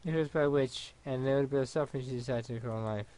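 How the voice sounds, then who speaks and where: A man reading a visual novel aloud for a let's play, in an even, unhurried way with small stumbles. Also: mid-range voice.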